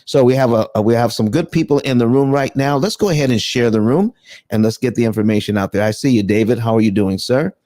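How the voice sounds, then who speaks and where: A man's voice: medium pitch, fast, dark tone, dry recording, studio quality. A man hosting a live online room on paying off mortgages, talking loosely with many restarts and greeting listeners by name. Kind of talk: casual live room hosting, explaining finance.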